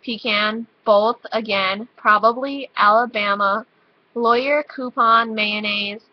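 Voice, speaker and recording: Teen girl with a high voice. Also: fairly even intonation, takes it slowly, no echo. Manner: giggly, offhand, reads word lists aloud. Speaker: vlogger. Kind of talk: casual chat with a friend. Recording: dull lo-fi webcam audio.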